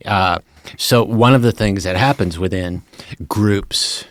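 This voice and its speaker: Low-voiced man, chatty podcast host. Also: slow pace, no echo. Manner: animated, emphatic storyteller. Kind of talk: casual chat.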